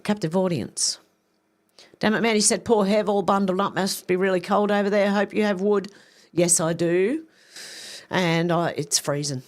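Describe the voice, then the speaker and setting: A woman hosting a live stream from home, reading viewer messages aloud in a mid-range voice. She answers each comment with quick casual asides. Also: mid-range voice. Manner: chatty, reacts to comments with quick asides and laughs.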